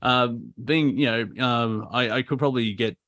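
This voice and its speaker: A man's voice: medium pitch, moderate pace, fairly bright tone, no echo, clean studio sound. An Australian man co-hosting a comedy chat, rambling and ranting with many fillers and restarts over a video call. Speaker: comedy show co-host.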